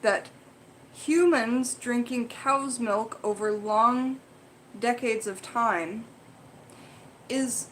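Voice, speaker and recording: A woman's voice: fairly high pitch, drawn-out words, long pauses, a bit bright, slight background noise, rough recording. A young adult woman hosting a casual livestream, chatting frankly in a rambling way and swearing now and then. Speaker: livestream host.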